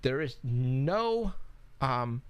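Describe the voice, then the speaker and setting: A man's voice: mid-range voice, sing-song, very slow, clean tone. A man co-hosting a paranormal radio show, talking in a rambling, casual way with many restarts as he walks through photos.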